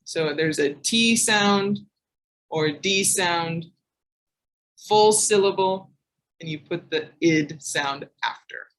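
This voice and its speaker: A woman teaching English pronunciation in a live online class, saying each word slowly and twice. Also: on the low side, a little hiss or hum, rough recording. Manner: slow, deliberate, repeats each word twice.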